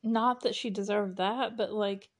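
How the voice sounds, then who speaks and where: A woman's voice: medium pitch, fairly even intonation, measured pace, a little hiss or hum. A young woman hosting a podcast, recapping an episode in a casual, chatty way with lots of giggles and fillers. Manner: chatty, giggly, full of "like" and "you know". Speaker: podcast host.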